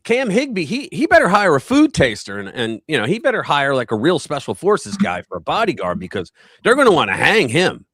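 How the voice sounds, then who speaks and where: A man hosting a casual political live stream, talking in an animated, rambling way and acting out quotes in a raised voice. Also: a little high, brisk, slightly rough, no echo.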